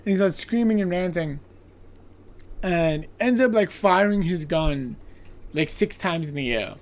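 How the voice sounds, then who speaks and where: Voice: medium pitch, a little mellow. Chatty podcaster recapping a film. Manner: chatty, profane, lots of filler "like"; acts out characters' lines in quoted voices. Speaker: podcast host. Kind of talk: casual movie plot recap.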